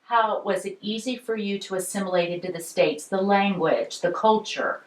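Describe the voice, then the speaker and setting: A woman interviewer asking gentle questions in an oral history interview. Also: medium pitch, moderate pace. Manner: gentle prompting questions, frequent mm-hmm. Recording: echoey room.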